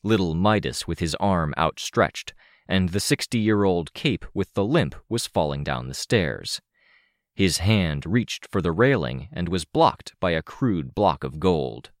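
Low voiced guy reading a story aloud, lively ups and downs, super dry mic. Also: no echo. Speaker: audiobook narrator. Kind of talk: first-person audiobook narration.

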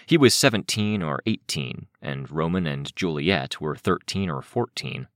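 A man with a very deep voice narrating an audiobook, even and matter-of-fact, with a lively rise and fall. The recording is dry and close. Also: a little slow, no room sound.

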